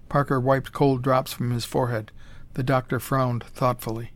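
A man reading a story aloud as narrator, in a measured, dramatic storytelling way. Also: medium pitch, level tone. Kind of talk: scripted audiobook narration.

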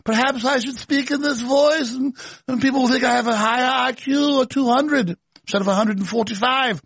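A man putting on a high, pompous, posh British gentleman voice to mock someone. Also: extremely slow, gravelly, breathy edge, dry recording, exaggerated voice.

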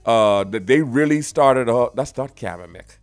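A man with a Bahamian accent hosting a casual podcast, talking in animated, rambling bursts full of restarts and shout-outs. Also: mid-range voice, moderate pace, dry recording, faint music behind. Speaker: podcast host.

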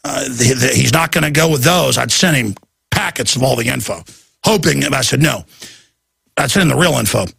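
A man's voice: medium pitch, expressive, fairly quick, gravelly, fairly bright tone, husky, no room sound. A man hosting a talk radio show, delivering an urgent, ranting monologue and mocking other people with put-on voices. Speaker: radio host.

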